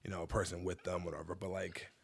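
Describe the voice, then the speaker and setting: A man with a fairly low voice, a guest on a podcast recorded in the host's home studio. He talks casually in halting bursts and often repeats words before he gets going. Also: level tone, gravelly, breathy edge. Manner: halting, repeats words when starting sentences. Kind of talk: casual conversation.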